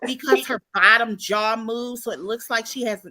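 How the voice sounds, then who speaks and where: A woman's voice: a little high, moderate pace, bright, forceful tone. A woman from the American South, co-hosting a podcast in a casual, blunt recap chat. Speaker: podcast co-host.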